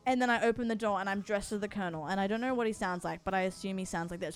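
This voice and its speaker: A woman's voice: medium pitch, very fast, hardly any pauses, clear, resonant tone, soft background music. A woman streaming, chatting casually with viewers in a bubbly, playful way. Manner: bubbly and playful, talks to chat. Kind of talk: casual sponsored livestream chat.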